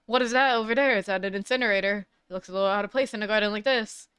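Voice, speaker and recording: A woman's voice: mid-range voice, rapid-fire, fairly bright tone, clear, resonant tone, no echo. A woman streamer reading a game's text aloud with casual, wry asides into a close microphone. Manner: casual, wry asides between read lines.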